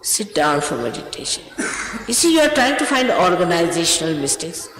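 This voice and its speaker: A woman gives a spiritual talk, sternly scolding her followers. Her pitch swings widely from phrase to phrase. The recording rings with the long echo of a large hall. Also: very animated, normal speed, fairly bright tone, a little hiss or hum. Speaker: spiritual teacher.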